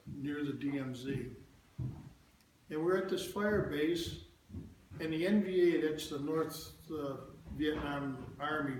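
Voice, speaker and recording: A man's voice: mid-range voice, a little mellow, a little hiss or hum. An older man telling a personal story to a church congregation in a folksy, plain-spoken way, with asides to the audience. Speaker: church speaker. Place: church hall. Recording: very echoey church hall, faint ambience.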